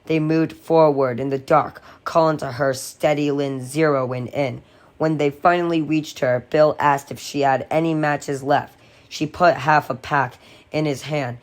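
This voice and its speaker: A man narrating a horror novel aloud in a steady, dramatic reading. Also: fairly high pitch, a little slow. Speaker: audiobook reader.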